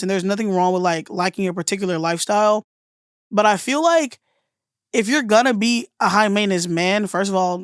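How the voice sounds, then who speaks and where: A woman's voice: medium pitch, a bit bright, dry recording, studio quality. Laughing, sweary woman co-host. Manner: swears a lot, laughs, rambling opinions. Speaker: guest co-host. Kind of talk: casual podcast chat.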